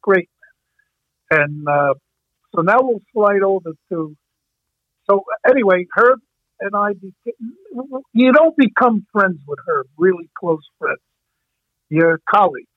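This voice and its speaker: A man's voice: high voice, animated, slow, pauses often, no room sound. An older man from Brooklyn, telling stories from his coaching days in a rambling way, often stopping and restarting. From Brooklyn, New York. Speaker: hockey coach. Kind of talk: reminiscing storytelling. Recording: tinny phone-like dry sound.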